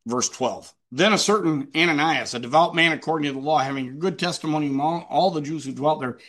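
A man's voice: a little high, fast talker, fairly bright tone. A man preaching a sermon emphatically, with rhetorical questions and repetition.

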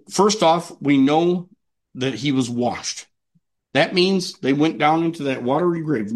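A man preaching a sermon to his congregation in a notably high voice. He is earnest and often asks a question and then answers it himself. He slows down when reading scripture aloud. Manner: reads scripture aloud, slowing down. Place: church meeting room with a congregation.

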